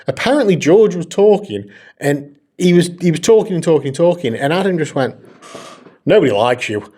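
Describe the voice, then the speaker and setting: A man's voice: high voice, a little fast. A man co-hosting a casual podcast, telling stories with plenty of swearing and laughter. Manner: animated storyteller, laughs often, swears freely. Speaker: podcast co-host. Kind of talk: casual chat.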